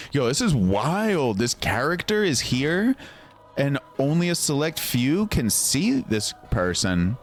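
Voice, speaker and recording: A man's voice: on the high side, sing-song, slow, soft background music. A man streaming a game, chatting casually and greeting his viewers. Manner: casual, chatty, reads game dialogue aloud and greets chat. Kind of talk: livestream gameplay commentary.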